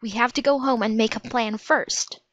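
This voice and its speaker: A woman's voice: on the high side, steady tone, normal speed, voice pushed up, close to an everyday voice. A woman voicing a cautious, worried young boy in a storybook reading, protesting anxiously. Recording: dry, slightly dull audiobook recording.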